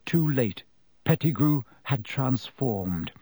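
A man reading an audiobook aloud as narrator, with dramatic shifts between slow and quick delivery. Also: mid-range voice, expressive, mellow, breathy edge, no room sound. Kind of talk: scripted narration.

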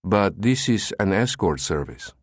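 A man's voice: sits low, very animated, measured pace, no room sound, studio quality, exaggerated voice. A man voicing a gushing, pushy Spanish salesman who runs an escort service, in an audiobook. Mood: wheedling.

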